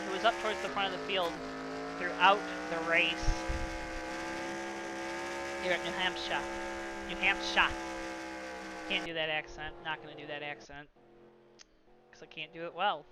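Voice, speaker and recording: A man calling a simulated stock car race as play-by-play commentator, lively with joking asides. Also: sits high, very noisy. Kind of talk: sim racing commentary.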